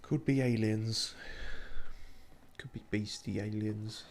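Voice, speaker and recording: This man streaming a video game has a fairly low, slightly mellow voice with even intonation, and he takes his time. His commentary is casual, full of cursing and jokes at his own expense.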